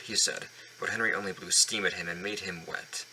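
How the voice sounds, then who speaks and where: A man reads a children's story aloud, stumbling now and then and going back over words. His voice sits fairly low but comes across bright and crisp, recorded at home. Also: fairly even intonation, fairly quick, slight background noise, poor audio. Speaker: reader of a children's book. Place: home basement.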